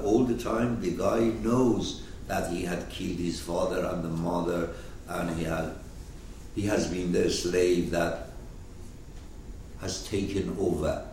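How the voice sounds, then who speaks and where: Man, informal lecturer; slow, emphatic delivery; distant mic in a very echoey room with faint noise. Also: low-pitched, darkish tone. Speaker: teacher explaining a text.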